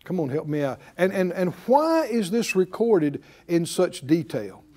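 A man's voice: sits high, very animated, a little slow, darkish tone. A man preaching a sermon as a Bible teacher, emphatic and folksy, repeating key words and chuckling often.

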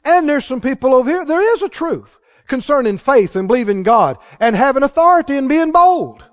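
A man's voice: very high voice, sing-song, fairly quick. A man preaching a sermon, emphatic and asking his listeners questions as he goes. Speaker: pastor. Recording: dull lo-fi sermon recording.

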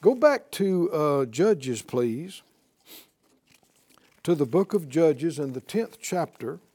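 Slow, earnest male Bible teacher. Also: on the high side, sing-song, mellow, breathy edge. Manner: earnest, deliberate, rhetorical questions. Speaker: preacher.

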